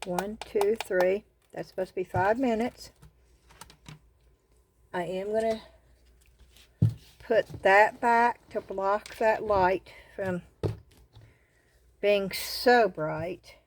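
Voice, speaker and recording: Southern lady doing a craft vlog on her phone, talks slow, says y'all, gets all gushy. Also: mid-range voice, a little hiss or hum. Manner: excited exclamations, says y'all a lot. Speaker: craft channel host. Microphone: phone camera.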